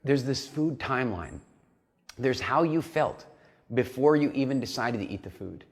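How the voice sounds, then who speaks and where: An animated man coaching a nutrition program in a recorded lesson. His voice sits in an ordinary middle pitch for a man. He acts out small inner dialogues as he explains. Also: moderate pace.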